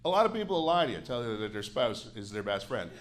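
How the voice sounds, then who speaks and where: A man's voice: mid-range voice, sing-song, fast. A man in his forties, a Canadian comedian, doing a grouchy, sardonic stand-up set with plenty of swearing on a club stage into a handheld mic. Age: 40s.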